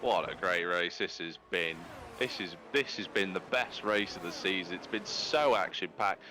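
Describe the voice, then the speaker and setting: A male race commentator with a bright, forceful voice calls a sim-racing finish live. He gets excitable, leaping up in pitch as he reels off the results. Faint noise hums under the stream. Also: moderate pace, hardly any pauses. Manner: excitable, jumps high when calling positions.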